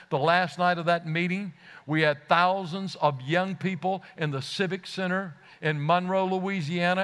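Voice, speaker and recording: A man's voice: a little high, a bit bright, a little hiss or hum. A man preaching a sermon, telling a story earnestly and rising to fervent exclamations, often repeating words as he starts a phrase.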